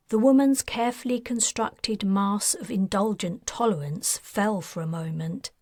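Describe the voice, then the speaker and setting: A woman narrating her own science fiction audiobook in a measured, even way on a close studio mic. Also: mid-range voice, no room sound.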